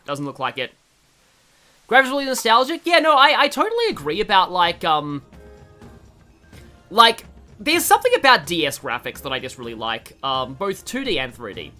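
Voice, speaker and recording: A streamer with an Australian accent talks through a game in a loose, rambling way, full of fillers and restarts. The voice is bright, and the pitch moves up and down a lot. Faint game music plays in the background. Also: sing-song, moderate pace, pauses often. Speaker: gaming streamer. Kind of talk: casual let's-play commentary.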